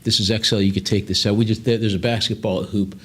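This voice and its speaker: A man's voice: on the low side, flat delivery, fast, fairly bright tone, husky. A man working as an auctioneer, calling bids in a live auction and drifting into chatty asides with lots of fillers. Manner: chatty, digressive, many fillers between bid calls.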